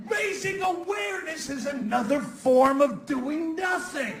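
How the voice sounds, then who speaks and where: A man doing a stand-up comedy set, ranting sarcastically and often breaking into mock shouts. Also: very high-pitched, expressive, a little slow, a crowd in the background, rough recording. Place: comedy club stage. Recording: live club recording with audience laughter. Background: audience laughter.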